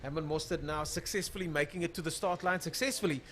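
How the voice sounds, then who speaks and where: Chatty race commentator, fairly high. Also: male voice, fairly even intonation, quick pace, fairly bright tone. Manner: chatty, thinks aloud, fills gaps while looking up names. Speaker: live stream commentator. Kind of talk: live drag racing commentary.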